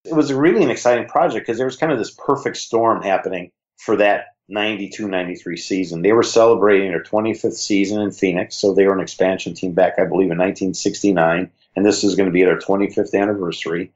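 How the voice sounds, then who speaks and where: Chicago-accented man with low voice, lo-fi sound. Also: fast, few pauses. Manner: relaxed, reflective, uses fillers like "you know". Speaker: guest, former league creative director. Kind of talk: conversational interview storytelling.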